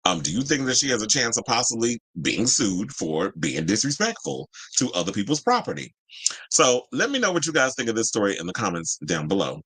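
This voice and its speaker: A man from Georgia hosts a casual entertainment chat. His pitch swoops up and down as he talks, slangy and full of asides. He laughs easily and keeps a loose, gossipy flow. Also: a little fast, breathy edge. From Georgia, USA. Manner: animated, chatty, laughs often, slangy asides. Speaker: host.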